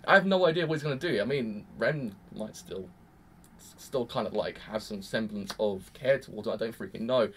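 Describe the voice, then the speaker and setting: A man's voice: fairly low pitch, moderate pace, a bit bright, a little hiss or hum. A young man rambling through an emphatic, exasperated reaction review. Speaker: anime reviewer. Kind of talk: casual reaction commentary.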